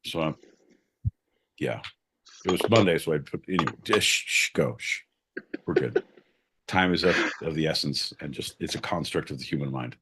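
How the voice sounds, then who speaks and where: A man's voice: a bass voice, normal speed, pauses often, noisy background. A man co-hosting a podcast, joking, swearing and rambling in casual chat. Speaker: podcast co-host.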